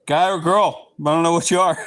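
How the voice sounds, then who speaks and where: A man from Southeast Texas with a Texan accent hosts a livestream, chatting casually with viewers. His voice is a little high and a bit bright, and he keeps things playful by slipping into goofy voices.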